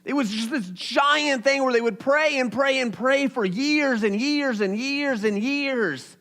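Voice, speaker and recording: High-voiced young man preaching. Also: measured pace. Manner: conversational, animated preaching. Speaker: pastor. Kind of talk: sermon.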